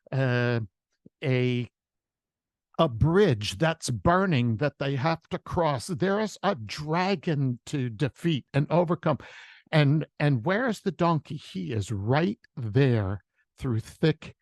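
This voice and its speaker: A man's voice: a little high, sing-song, takes it slowly, darkish tone, dry recording. A man who is a worship leader, sharing a reflective devotional message with storytelling on a video call.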